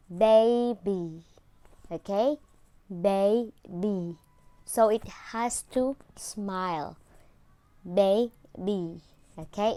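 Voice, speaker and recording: A woman teaching English pronunciation, repeating each word twice and drawing out the sounds, with English that is not her first language. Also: mid-range voice. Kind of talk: slow, repetitive pronunciation lesson.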